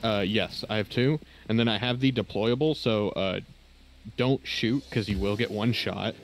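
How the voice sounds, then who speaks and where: Gravelly low-voiced man calling plays. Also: moderate pace, a little hiss or hum. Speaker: streamer. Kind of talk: casual gaming chat.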